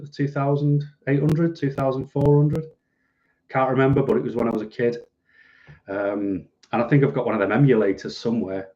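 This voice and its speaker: A middle-aged man from the United Kingdom rambles through a casual live stream from home, reading out viewer comments and poking fun at himself as he answers. His medium-pitched voice is dark and mellow, though the webcam audio sounds a bit dull and lo-fi.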